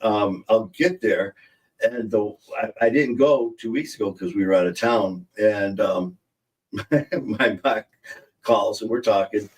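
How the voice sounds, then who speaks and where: A man's voice: on the low side, measured pace, recorded from a distance. A man hosting a podcast live stream, telling rambling, anecdotal stories and laughing at his own jokes. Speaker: podcast host. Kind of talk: casual live-stream chat. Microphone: streaming setup mic.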